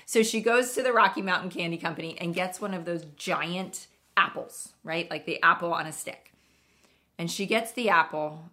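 A woman's voice: on the low side, pushed and bright. A woman podcast host telling stories in an earnest, emphatic, conversational way. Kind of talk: casual storytelling monologue.

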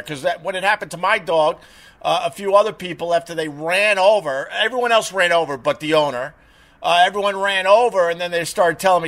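A middle-aged man hosting a show, chatting casually and telling a story with lively retold dialogue. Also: high voice, fairly quick. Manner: animated storyteller, mimics voices in retold dialogue. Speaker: show host.

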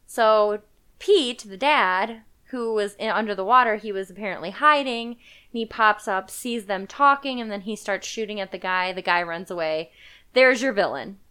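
A woman's voice: mid-range voice, normal speed, sharp tone, clean tone. A woman casually retelling a movie plot in a podcast chat, talking in a loose, rambling way with lots of fillers. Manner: chatty storytelling with frequent fillers and laughs.

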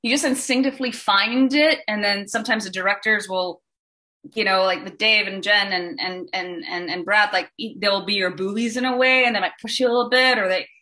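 A voice actress from Singapore answering panel questions in a lively, rambling way, with many restarts and fillers. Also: female voice, medium pitch.

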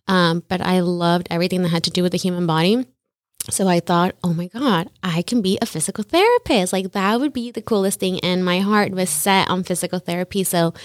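A woman's voice: on the low side, no room sound, clean studio sound. A young woman as an interview guest, telling her story casually and often acting out quotes with lots of "like". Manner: chatty, often says "like" and acts out quotes.

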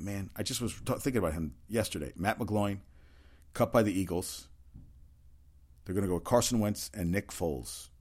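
A man's voice: low-pitched, breathy edge. A man giving a casual, rambling solo rundown of sports news, opinionated and full of fillers and restarts. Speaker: sports talk host.

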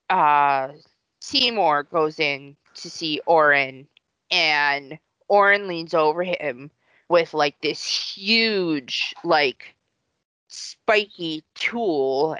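A woman's voice: low voice, fairly bright tone, clear, resonant tone, dry recording. A woman co-hosting a podcast, casually retelling a movie plot with rambling asides and many fillers. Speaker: podcast co-host. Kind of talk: casual film recap.

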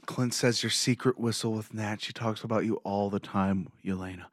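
A young man casually recapping a TV episode, reading the scenes aloud and breaking in with emotional, excited asides. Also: fairly low pitch, moderate pace, no echo, studio quality. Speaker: show recapper.

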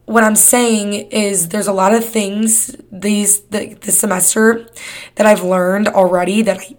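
A woman's voice: mid-range voice, flat delivery, unhurried. A woman of twenty-one hosting her own podcast, talking in a candid, rambling way and swearing often. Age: 20s. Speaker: podcast host. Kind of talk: casual solo podcast chat.

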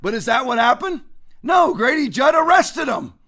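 A middle-aged man hosting a political commentary show, ranting indignantly and often shouting. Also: very high-pitched, sing-song, moderate pace, creaky, a little hiss or hum.

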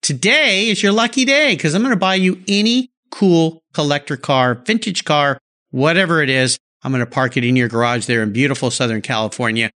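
A man's voice: mid-range voice, sharp tone. A man hosting a podcast, asking questions with upbeat enthusiasm. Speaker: podcast host. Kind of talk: podcast interview.

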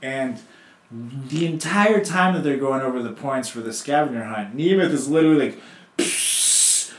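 A young man hosting a casual chat, telling stories in an animated way, swearing and acting out quotes. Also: medium pitch, normal speed, echoey room.

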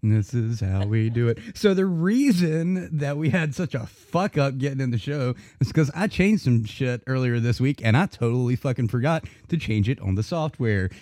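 A man's voice: mid-range voice, normal speed, hardly any pauses, darkish tone, no room sound, studio quality. A man hosting a live podcast, chatting casually, swearing and joking as he rambles. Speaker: podcast host. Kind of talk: casual live-stream banter.

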